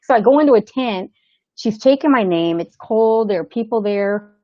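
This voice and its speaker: Appearing as a guest on an interview show, an actress relaxedly recounts a lengthy story and voices the other characters with animation. She speaks at a moderate pace in a slightly high voice; the audio is dry, from a remote call, and a bit dull and lo-fi.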